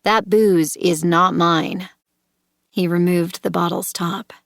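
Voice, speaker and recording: A woman narrating a first-person thriller audiobook, measured and tense, turning confrontational in the dialogue. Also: lowish voice, steady tone, gravelly, no echo, studio quality.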